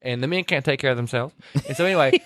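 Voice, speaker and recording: A man's voice: medium pitch, rapid-fire, a bit bright, no echo, clean studio sound. A man in casual chat, retelling a film scene by scene and acting out quoted lines. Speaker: podcast co-host recapping a film.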